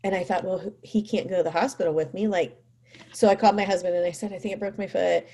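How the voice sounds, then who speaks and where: A woman's voice: fairly low pitch, fast talker. A mother telling a personal story in a casual way, full of "like" and "you know", acting out what people said. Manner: animated, acts out quoted speech; frequent fillers like "like" and "you know".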